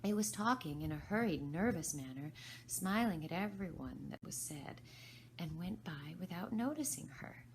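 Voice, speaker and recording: A woman volunteer reading a storybook aloud in a gentle, unhurried way, sometimes dropping to soft whispers. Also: low-pitched, gravelly, a little hiss or hum. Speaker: volunteer reader. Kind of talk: storybook narration.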